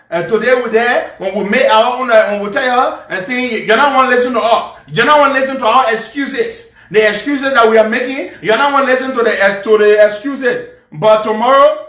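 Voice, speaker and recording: Liberian man, furious mocking rant, bright tense voice, roomy echo. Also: extremely high pitch. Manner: angry, insulting, mocking. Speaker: political commentator. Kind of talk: ranting live commentary.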